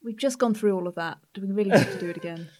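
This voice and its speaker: A woman's voice: mid-range voice, racing, darkish tone. A woman playing a tabletop role-playing game, speaking in a dry, wry way. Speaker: player.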